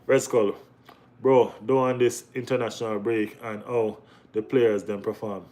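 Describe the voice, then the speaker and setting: A young man hosting a casual live football chat, often saying "you know what I mean" and jumping to high, excited exclamations. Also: unhurried.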